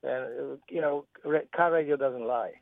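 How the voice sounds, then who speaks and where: A man's voice: a little high, normal speed, vocal fry, no echo. A man calling in to a radio show from his car, rambling and repeating himself. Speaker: caller. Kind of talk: casual phone-in chat. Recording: tinny phone line.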